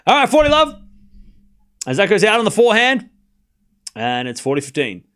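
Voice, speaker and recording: A high, bright-voiced man streams live tennis commentary, calling out the score and chatting with his viewers. His voice swings widely in pitch, and he gets excitable and loud at the big points. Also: moderate pace.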